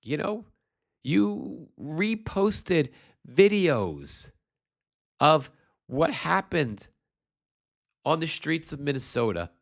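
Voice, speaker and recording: Slow, impassioned man with a congested voice. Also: on the high side, big pitch swings, creaky. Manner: impassioned, emphatic, profane. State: congested with postnasal drip. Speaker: livestream host. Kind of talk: political livestream commentary.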